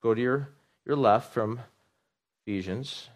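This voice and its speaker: A middle-aged pastor preaches a sermon in an animated way, repeating words for emphasis and putting questions to his congregation. His voice sits at a medium pitch and moves a little slowly.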